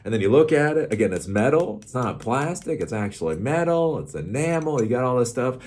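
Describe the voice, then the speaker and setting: A man's voice: medium pitch, big pitch swings, fairly quick, darkish tone, slight background noise. A middle-aged man hosting a casual, rambling tech commentary show, sarcastic and laughing at his own jokes.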